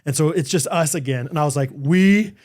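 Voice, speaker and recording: Podcast co-host, man in his 30s, high-pitched and animated storyteller, acts out quotes, laughs a lot. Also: fairly quick. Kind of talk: casual chat.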